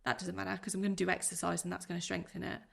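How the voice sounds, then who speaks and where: A woman in her thirties speaks with a gravelly, creaky edge to her voice. She talks earnestly and from the heart, pouring out her thoughts in rushes as a guest on a podcast. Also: lowish voice, flat delivery. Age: 30s. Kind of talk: emotional personal interview.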